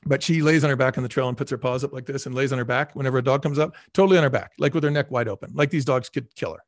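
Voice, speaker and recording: A middle-aged man speaking as an interview guest, telling animated stories and acting out quoted dialogue with lots of fillers. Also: mid-range voice, very fast, dry recording, studio quality. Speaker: guest, restaurant executive.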